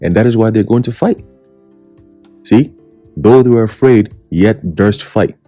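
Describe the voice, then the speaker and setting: A man's voice: fairly low pitch, unhurried, warm tone, soft background music. A man preaching a scripture sermon, emphatic and full of rhetorical questions, often checking in with "okay?" and "right?", sometimes taunting. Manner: mocking, taunting tone at times.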